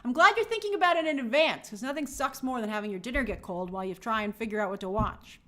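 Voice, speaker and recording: A woman's voice: on the high side, fast talker, pushed and bright. A woman hosting a live stream, chatting casually and greeting viewers by name in an upbeat, friendly way.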